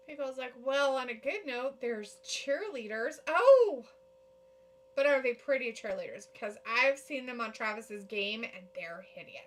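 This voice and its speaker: A woman's voice: a little high, a little slow, fairly bright tone, a little hiss or hum. A woman co-hosting a casual live watch-along of a wrestling show, reacting, laughing and reading chat comments aloud.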